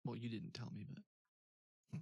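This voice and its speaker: Gravelly, chatty man on a dry mic. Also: mid-range voice, animated, takes it slowly, a little mellow, no room sound. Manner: chatty, laughing often, many fillers. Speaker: streamer host. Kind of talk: casual chat.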